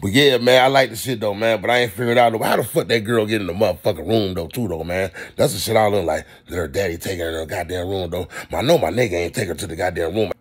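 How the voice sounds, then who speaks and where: A man rambling casually through a profane movie review, swinging into loud animated rants. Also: sits low, fast talker, few pauses, slightly rough.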